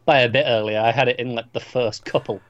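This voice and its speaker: A man's voice: mid-range voice, fairly even intonation, fast talker, a bit bright, dry recording, muffled recording. A man co-hosting a podcast in casual chat about films, teasing and opinionated. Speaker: podcast co-host. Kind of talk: casual film-list chat.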